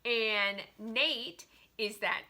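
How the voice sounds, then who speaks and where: A woman's voice: a little high, drawn-out words. A woman chatting animatedly about a romance novel in a casual book review vlog, with lots of "like" between her thoughts. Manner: chatty and animated, heavy use of "like".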